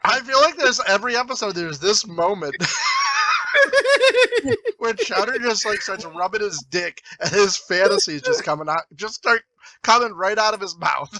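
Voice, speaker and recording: A man co-hosting a comedy podcast, teasing the others and quick to laugh. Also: high-pitched, animated, pushed and bright, a little hiss or hum, poor audio. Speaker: podcast co-host. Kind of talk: casual crude comedy chat.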